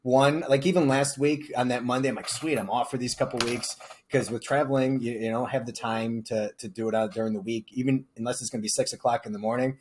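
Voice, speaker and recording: A man's voice: medium pitch, steady tone, quick pace, few pauses, darkish tone. A middle-aged man co-hosting a casual podcast, telling stories and laughing often. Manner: laughing storyteller. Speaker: podcast co-host. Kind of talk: casual chat. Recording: faint background noise.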